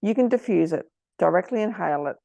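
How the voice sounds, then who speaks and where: This is a middle-aged woman hosting a casual talk for parents, earnest and heartfelt. Her voice carries a gravelly fry. The sound is dry and close, with no room around it. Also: lowish voice, lively intonation, fast, dry recording, dull audio. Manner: earnest, gets emotional, warm advice. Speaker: host.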